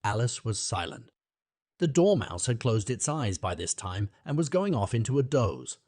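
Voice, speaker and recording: In clean studio sound with no echo, a medium-pitched man reads a classic children's audiobook. His scripted narration is measured and expressive, in the manner of a storyteller.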